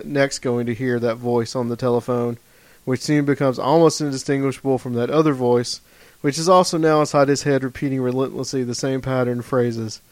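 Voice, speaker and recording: A man's voice: mid-range voice, a little mellow, no echo. Man co-hosting a casual podcast, dry sound. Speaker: podcast co-host. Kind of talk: casual chat, reading aloud a passage.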